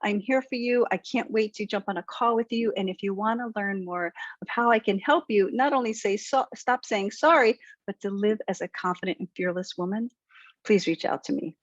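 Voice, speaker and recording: A woman's voice: mid-range voice, moderate pace, dry recording, highs cut off. A woman coaching her viewers directly, talking in an assertive, encouraging way and walking through everyday examples. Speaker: speaker and confidence coach. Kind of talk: direct-to-camera tip video.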